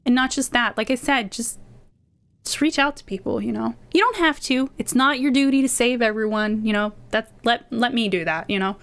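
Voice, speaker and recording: A woman's voice: a little high, a bit bright, smooth. A woman streaming in casual chat, rambling with many fillers and talking passionately, sometimes sounding indignant. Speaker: VTuber streamer.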